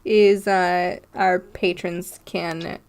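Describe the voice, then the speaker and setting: A woman co-hosting a casual podcast, talking in an unhurried way with frequent ums and laughs. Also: on the low side, level tone, a little mellow, slight background noise. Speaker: podcast co-host.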